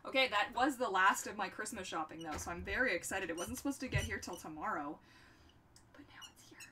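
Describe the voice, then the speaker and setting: A woman's voice: medium pitch, expressive, brisk, pushed and bright, distant mic, a little hiss or hum. A young woman hosting a livestream, chatting in a bubbly, goofy way and talking to her pets. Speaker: livestream host. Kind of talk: casual chat while crafting on a livestream.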